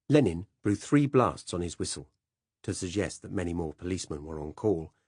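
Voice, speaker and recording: A man narrating an audiobook in a measured, dramatic first-person telling. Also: deep voice, husky, dry recording, studio quality.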